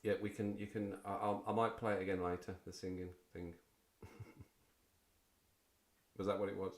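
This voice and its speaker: A man's voice: on the low side, little pitch movement, moderate pace. A man in his forties hosting a casual livestream chat, rambling and self-deprecating as he talks to viewers. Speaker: livestream host.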